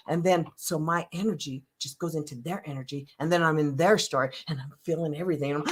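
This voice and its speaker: An older woman hosting a live motivational talk, telling stories in an animated, emotional way and laughing often. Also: lowish voice, slightly rough. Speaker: host.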